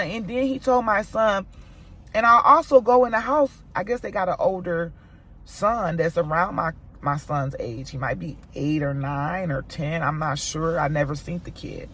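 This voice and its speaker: An American woman vlogging, telling a personal story to her viewers in an animated, emphatic way. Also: on the low side. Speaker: mom vlogger. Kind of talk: storytime vlog.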